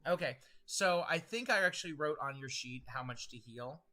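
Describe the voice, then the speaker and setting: A man with a very bright, somewhat high voice runs a tabletop game as game master. He works through the dice rolls out loud, with frequent pauses and fillers as he adds them up. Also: expressive. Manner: thinks aloud while tallying dice, with many fillers. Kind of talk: running a tabletop game online.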